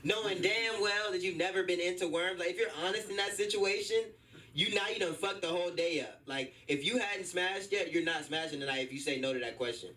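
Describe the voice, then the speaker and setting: Bright-voiced young man doing stand-up. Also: high voice, a little fast, far from the mic, rough recording. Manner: animated storytelling, acting out voices. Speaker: stand-up comedian. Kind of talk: stand-up set at an open mic. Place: comedy club stage.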